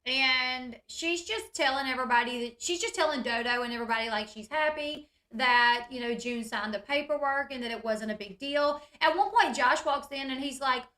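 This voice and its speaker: A woman's voice: high voice, normal speed, hardly any pauses, bright, forceful tone. A woman talking straight to her viewers in a casual, chatty recap, full of "like" and "you guys". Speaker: reality TV recap YouTuber. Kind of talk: casual reality-show recap.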